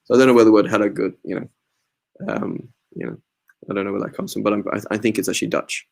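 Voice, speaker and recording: A man's voice: on the low side, fairly even intonation, fast, vocal fry. A man giving an informal religious class in a mosque, talking conversationally, often checking in with "right?" and mixing in Arabic religious terms. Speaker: religious teacher.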